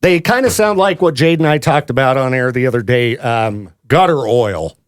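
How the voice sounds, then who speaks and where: A man's voice: mid-range voice, normal speed, clear, resonant tone. A man co-hosting a radio show in a studio, bantering casually and laughing often. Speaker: radio co-host.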